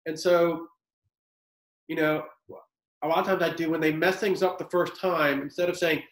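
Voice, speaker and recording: A man who teaches high school giving casual, conversational advice on working with teens. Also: little pitch movement, normal speed, long pauses. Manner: conversational, acts out student exchanges. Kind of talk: casual classroom advice talk. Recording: echoey room.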